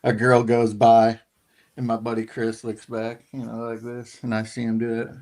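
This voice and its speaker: A man on a live panel call, telling a quick funny anecdote. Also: medium pitch, completely flat delivery, darkish tone. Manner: chatty anecdote teller. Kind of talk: casual panel chat.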